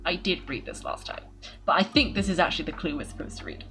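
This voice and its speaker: A woman's voice: on the low side, wildly swooping pitch, fast, a bit bright, faint music behind, rough recording. A woman hosting a game playthrough, chatting, giggling and poking fun at herself as she reads game text aloud. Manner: giggly, chatty and self-mocking. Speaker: gaming channel host. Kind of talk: let's-play commentary, reading game text aloud.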